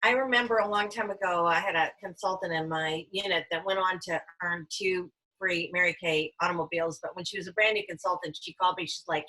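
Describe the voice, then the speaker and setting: A woman with a bright, forward tone and a husky edge speaks over a video call. She coaches in an earnest, emphatic way and builds each point through examples. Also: lowish voice, steady tone, fairly quick, hardly any pauses, poor audio. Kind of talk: motivational sales talk on a video call.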